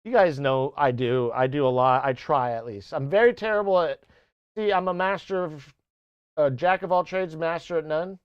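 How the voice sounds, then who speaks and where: A man's voice: on the high side, normal speed, smooth, no room sound, lo-fi sound. A man casually chatting to his live-stream audience, rambling and swearing, who keeps breaking off and sometimes slips into playful mock accents. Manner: rambling, swearing, self-interrupting. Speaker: music streamer.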